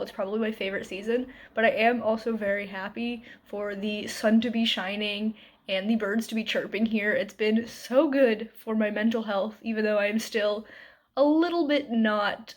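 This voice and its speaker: A woman's voice: medium pitch, fairly even intonation, normal speed. A woman talking casually to camera as a book vlogger, upbeat and chatty with plenty of "like" and "um".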